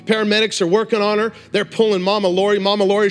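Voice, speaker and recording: A male preacher delivering a passionate sermon, moving between hushed reflection and rising exhortation. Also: high voice, a little fast, soft background music.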